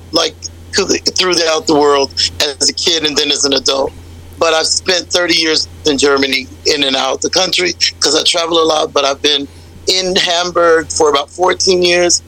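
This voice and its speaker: Bright-voiced chatty American woman. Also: deep voice, rough recording. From United States. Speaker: guest singer. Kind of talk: casual radio interview chat.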